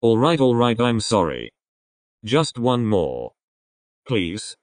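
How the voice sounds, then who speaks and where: A man's voice: mid-range voice, sing-song, slow pace, no room sound. Man reading a drunk clingy young guy, pleading, whiny, very dry sound.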